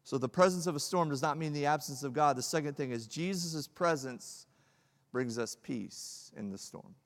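A male pastor preaching a sermon, swinging from loud emphatic peaks to hushed, low lines. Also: moderate pace. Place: church hall. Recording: long hall reverb.

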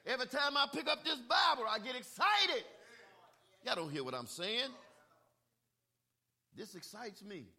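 A male preacher delivering a sermon, calling for "amen" and swinging from quiet talk into shouted bursts. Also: very high-pitched, sing-song, a little slow, pauses often.

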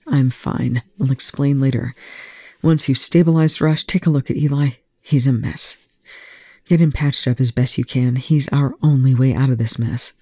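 A reader voicing a weary, wounded male military commander who rasps and growls his terse lines, in a fan fiction audiobook. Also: medium pitch, fairly even intonation, normal speed, mellow, no echo, lightly acted. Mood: strained. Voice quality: rasping, growling.

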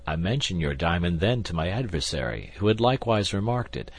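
Wry, unbothered musketeer, low and husky, as a male reader plays him. Audiobook reading. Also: brisk, exaggerated voice. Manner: calm, drawling and wry. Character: coolly indifferent older male musketeer, wry gambler.

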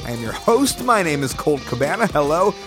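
Over music, a fairly high-pitched man talks a little fast and very animatedly. He's the podcast host, rambling casually through a chatty monologue with upbeat plugs from his studio apartment while he has a cold.

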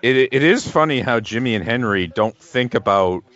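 A man's voice: medium pitch, lively intonation, normal speed, fairly bright tone, muffled recording. A man co-hosting a casual movie commentary podcast, chatty and laughing often. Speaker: podcast co-host.

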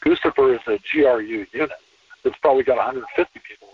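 A man talking as a podcast guest in a relaxed conversational interview, emphatic and repeating phrases to drive points home. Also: medium pitch, fast, breathy edge, dry recording. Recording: distant, tinny phone-line sound.

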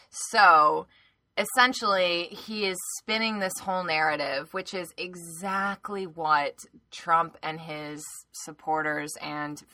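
A young woman co-hosting a casual political chat podcast, animated and sarcastic, swearing freely and laughing often. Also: on the low side, dry recording. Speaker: podcast co-host.

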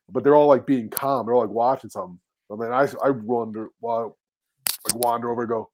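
A man's voice: medium pitch, brisk, a little mellow. A man, co-hosting a podcast and telling rambling, profane stories that act out the people he quotes. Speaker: podcast host. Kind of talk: casual storytelling chat.

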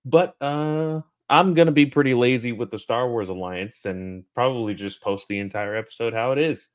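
A man's voice: medium pitch, normal speed. A man hosting a podcast in casual chat, rambling with lots of ums and uhs. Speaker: podcast host.

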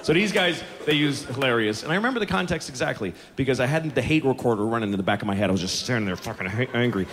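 A man's voice: mid-range voice, animated, fast, hardly any pauses, fairly bright tone. Profane ranting stand-up comedian, man. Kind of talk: stand-up routine. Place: comedy stage before an audience. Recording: live show hall, audience laughter.

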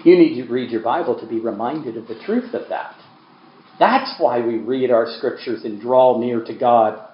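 Emphatic preacher in an echoey hall. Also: male voice, mid-range voice, moderate pace, highs cut off. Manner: emphatic, swings from quiet to loud. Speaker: pastor. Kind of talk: sermon.

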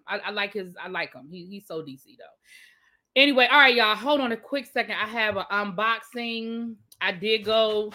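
A woman with a Washington DC accent, chatting casually on a livestream and answering her viewers' comments with drawn-out asides. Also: fairly high pitch, pushed and bright. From Washington DC area. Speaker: livestream host.

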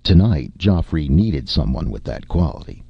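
Very deep gravelly male narrator. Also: normal speed, no echo. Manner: dramatic, lively storytelling. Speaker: audiobook narrator. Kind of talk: scripted narration. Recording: dull lo-fi recording.

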